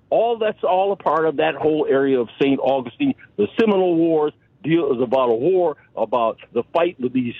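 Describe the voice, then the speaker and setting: A man's voice: a little high, no echo. A man calling in to a radio show, impassioned and rambling, stumbling over and repeating words. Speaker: radio caller. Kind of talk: call-in radio talk. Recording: tinny phone line.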